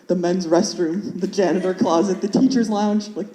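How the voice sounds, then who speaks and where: A young woman tells a stand-up story in a rambling, fidgety way, with many "like" fillers. Her voice is mellow and dark, and it carries a roomy echo from a club stage. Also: lowish voice, fairly even intonation, moderate pace, a little hiss or hum. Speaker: stand-up comedian. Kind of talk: stand-up comedy set.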